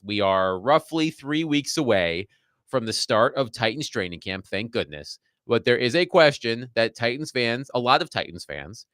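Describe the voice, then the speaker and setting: Sports radio host, male, animated and nerdy, lively pitch, dry close mic. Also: smooth, no room sound. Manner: animated, self-described nerd who enjoys digging into numbers.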